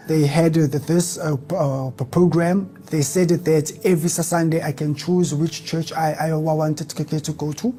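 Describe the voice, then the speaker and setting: Sharing his testimony at church, this man speaks in a mellow, slightly high voice. His heavy stutter repeats the opening syllables of words as he talks earnestly and with emotion, at times breaking into fervent outbursts.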